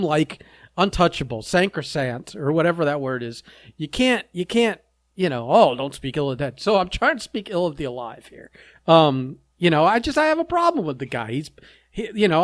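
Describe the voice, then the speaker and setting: A man's voice: high voice, dry recording, clean studio sound. A man co-hosting a casual podcast chat, ranting bluntly and with a lot of swearing between bursts of laughter. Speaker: podcast co-host.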